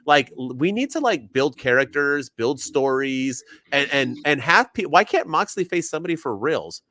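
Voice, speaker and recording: A man's voice: fairly high pitch, expressive, moderate pace, hardly any pauses, pushed and bright, no echo. Sarcastic ranting man, dry podcast sound. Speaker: podcast co-host. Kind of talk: casual wrestling podcast chat.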